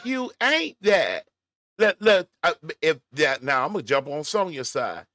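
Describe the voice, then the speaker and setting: A man's voice: fairly high pitch, lively intonation, moderate pace, sharp tone, no echo. Profane, mocking man reacting to a clip. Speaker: commentary vlogger. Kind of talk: reaction commentary.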